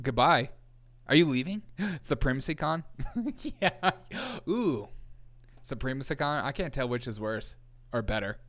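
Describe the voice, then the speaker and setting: A man's voice: medium pitch, a bit bright. A man hosting a live comedy news show, riffing on headlines with a joking, chaotic manner and frequent laughter. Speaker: host.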